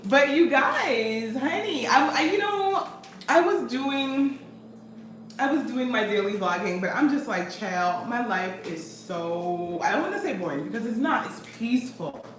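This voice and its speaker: Chatty woman vlogging in an echoey room. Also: mid-range voice. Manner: chatty, animated, reading comments aloud. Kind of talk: casual vlog chat. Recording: echoey room from a distance with noise.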